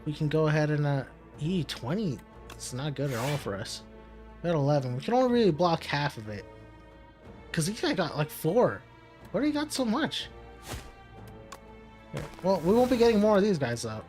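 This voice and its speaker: A man's voice: on the high side, very animated, brisk, darkish tone, faint music behind. A man casually commenting on his own card game as he plays, talking himself through each move, muttering and laughing at setbacks. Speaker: gaming commentator. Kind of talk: casual let's-play commentary.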